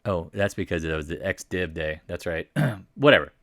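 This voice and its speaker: A man's voice: sits low, expressive, normal speed, fairly bright tone, dry recording. A man walking through stock charts in casual commentary, blunt and mocking, firing off rhetorical questions. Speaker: market commentator.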